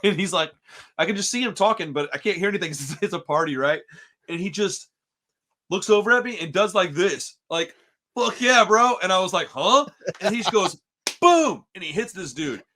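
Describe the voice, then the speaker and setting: A man hosting a podcast, telling a story in casual, profane chat and calling everyone "dude". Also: on the high side. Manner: animated, profane, says "dude" constantly. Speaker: podcast host.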